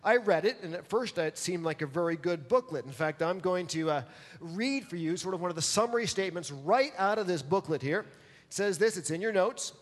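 A man's voice: high-pitched, animated, brisk, big-room sound. A man preaching a sermon as pastor, emphatic and pressing his listeners to answer back. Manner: emphatic, calls for audience response.

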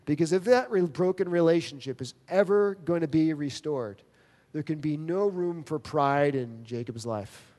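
A man's voice: on the high side, mellow. Man preaching in an echoing hall. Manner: earnest, emphatic preaching with dramatic pauses. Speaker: pastor. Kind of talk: sermon. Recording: long reverb of a large hall.

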